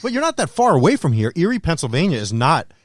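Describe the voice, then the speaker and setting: A man chatting loosely on a podcast, teasing his co-hosts. His pitch swings widely as he talks. The sound is dry and close. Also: fast, dry recording. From Long Island. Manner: animated, teasing. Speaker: podcast co-host. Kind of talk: casual chat.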